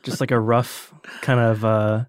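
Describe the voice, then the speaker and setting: A man's voice: medium pitch, level tone, a little slow, smooth, no room sound. A man with an ordinary mid-range voice talks films in easygoing podcast banter. He agrees readily and strings his thoughts together with fillers. The recording is close and dry. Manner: agreeable, full of fillers like 'yeah' and 'like'. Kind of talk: casual film discussion.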